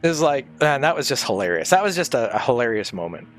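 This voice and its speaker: A man on a livestream casually telling stories from his audio engineering days, animated and profane, laughing often. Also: mid-range voice, fast, faint music behind.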